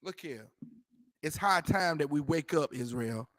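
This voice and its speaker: A man's voice: a little high, animated, a little slow, fairly bright tone, dry recording, clean studio sound. A man teaching a scripture class in an emphatic, repetitive way, using street slang and firing rhetorical questions. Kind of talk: preaching scripture commentary.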